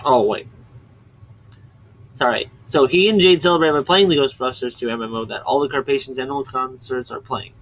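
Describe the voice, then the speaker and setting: A man's voice: mid-range voice, brisk, a bit bright, rough recording. A man hosting his own video channel, giving a casual, rambling recap and often stopping to correct himself. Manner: chatty, digressive, often stops to correct himself. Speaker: video host summarizing a webcomic.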